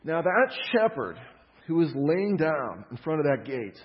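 A man preaches a sermon, walking through scripture with emphatic stresses and casual asides. His voice sits a bit high for a man, and the recording is dull and lo-fi. A long reverb hangs after his words, as in a large hall. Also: very animated, a little slow. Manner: explanatory, emphatic on key words, conversational asides. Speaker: pastor.

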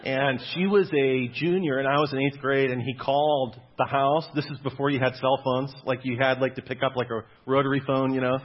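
Husky young man preaching casually. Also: mid-range voice, steady tone, fairly quick, few pauses. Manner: conversational, self-deprecating, laughs often. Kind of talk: casual sermon with personal stories. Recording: dull lo-fi recording.

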